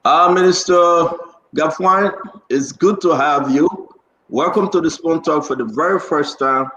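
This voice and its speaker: A man's voice: on the high side, a little slow, a bit bright, echoey room, dull audio, slight background noise. A man hosting a casual online talk show, chatty and upbeat, drifting into preachy asides.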